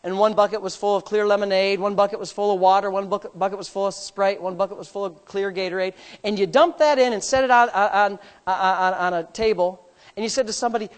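A man preaching from the pulpit, swinging between loud, climbing peaks and hushed, joking stories about himself. His voice carries through a big church sanctuary, with long reverb trailing after every phrase. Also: high voice, steady tone, fast. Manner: builds to loud preaching peaks, then drops to quiet storytelling; self-mocking, conversational asides. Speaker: pastor. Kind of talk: sermon. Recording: long reverb of a large hall.

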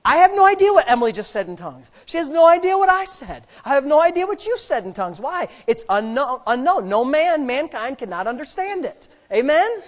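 A fervent woman minister preaches with a fairly high voice. She is emphatic, repeats her words, exclaims often, and breaks into rapid speaking in tongues as she leads prayer. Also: big pitch swings. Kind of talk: preaching and leading prayer in a church service.

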